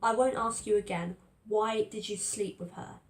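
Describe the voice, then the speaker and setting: A woman's voice: medium pitch, fairly even intonation, normal speed, vocal fry, close to an everyday voice. Woman reading as a menacing, sneering young man. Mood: yelling. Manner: snarling, mocking insults. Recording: roomy echo.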